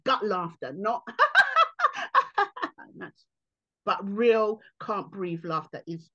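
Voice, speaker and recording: A lively woman comedian with a fairly low voice tells stories in an interview, jumping into her quotes with sudden bursts. The recording sounds a little dull and lo-fi. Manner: animated, acts out quotes with big pitch jumps. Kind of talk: interview storytelling.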